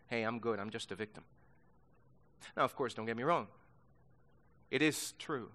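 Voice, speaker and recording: A man's voice: mid-range voice, a bit bright. A man teaching a sermon-style Bible lesson to young people, emphatic and insistent, repeating key words for force.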